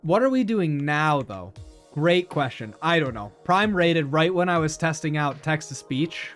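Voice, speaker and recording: A male streamer chats casually with his live audience, often laughing and stumbling over repeated words. His voice sits a little high. Soft music plays faintly behind him. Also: animated, measured pace.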